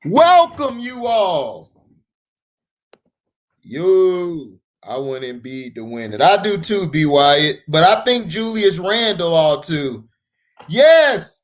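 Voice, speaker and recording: A man hosting a casual sports livestream, breaking into loud shout-outs to his chat viewers. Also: sits high, very animated, drawn-out words. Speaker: sports talk livestream host.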